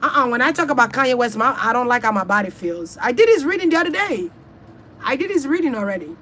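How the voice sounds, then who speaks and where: Woman host, casual rambling chat, swears freely, addresses viewers directly, a little high-pitched. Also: very animated, fast, a bit bright. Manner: loose, profane, chatty, talks straight to her audience. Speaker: online reader and host.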